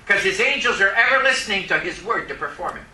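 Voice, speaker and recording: A man's voice: high voice, lively intonation, quick pace, sharp tone, slight background noise, rough recording. A man preaching a sermon to a congregation, reading scripture and pressing the listeners with emphatic questions. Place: church service.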